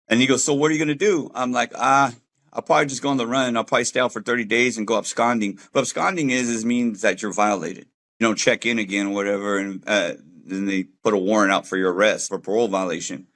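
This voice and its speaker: A man's voice: mid-range voice, fairly bright tone. A middle-aged man telling his life story as a personal testimony in a loose, conversational way, full of fillers and acted-out quotes. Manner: conversational, acts out quoted voices, many fillers. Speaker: testimony speaker.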